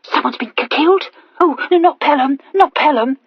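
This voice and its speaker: A woman voicing an anxious, impulsive young noblewoman who stammers in a high, fretful voice. The recording is dull and dry. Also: moderate pace, no echo, natural voice.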